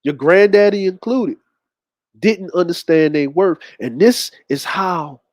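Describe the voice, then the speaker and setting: A wise older uncle hands down slow, measured advice about knowing your worth, voiced by a man telling the story. The voice sits fairly high for a man, and the recording is dry and close. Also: no echo. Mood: advising. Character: wise older uncle, a self-employed brick mason.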